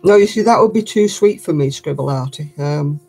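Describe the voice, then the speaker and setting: Chatty older woman, husky laugh. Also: low voice, expressive, normal speed, mellow. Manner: chatty, laughs often, motherly. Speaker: crafting livestream host. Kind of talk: casual chat reading viewer comments.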